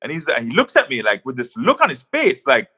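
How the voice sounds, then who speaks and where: Very bright-voiced animated male storyteller. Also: medium pitch, fairly quick, slightly rough. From Jamaica. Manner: animated, restarts words often. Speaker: guest, music manager. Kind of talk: casual storytelling on a podcast.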